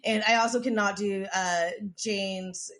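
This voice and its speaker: A woman's voice: mid-range voice, steady tone, unhurried, fairly bright tone. A woman co-hosting a podcast, telling a story in casual chat with lots of swearing, restarts and "like". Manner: profane, rambling, with frequent restarts and "like". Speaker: podcast co-host.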